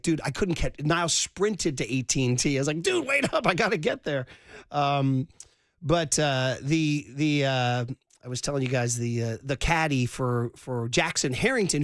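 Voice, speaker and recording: A man hosting sports radio, telling stories in an animated, slangy way, calling people dude. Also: mid-range voice, no room sound, clean studio sound. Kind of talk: excited sports radio storytelling. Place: radio studio.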